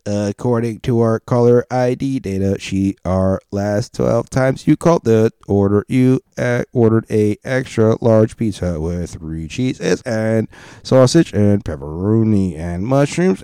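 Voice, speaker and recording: A man doing a mock robot voice for a male pizza-ordering AI, flat and matter-of-fact, while reading a joke aloud. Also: on the low side, takes it slowly, clean tone, no room sound, clean studio sound.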